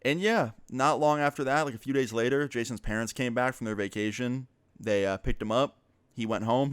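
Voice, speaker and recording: A man's voice: medium pitch, clean tone, no room sound. A young man telling a personal story in a casual, rambling way, with swearing and fillers. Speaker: vlogger.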